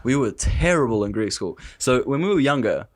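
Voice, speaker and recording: A young man, a podcast guest, telling animated stories and laughing as he talks. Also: medium pitch, a little fast. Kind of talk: casual storytelling.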